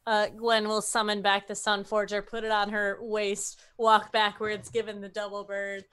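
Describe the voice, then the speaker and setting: A woman's voice: medium pitch, completely flat delivery, moderate pace, fairly bright tone, clean tone. A woman playing a tabletop game, chatty and giggly, swearing casually as she describes her character's moves. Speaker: player.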